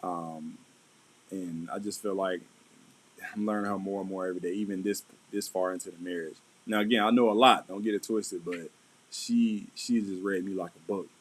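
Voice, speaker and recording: A middle-aged vlog host gives loose, casual marriage advice, frequently checking in with "right?". His voice sits low with fairly even intonation and a moderate pace. The recording is rough, with slight background noise.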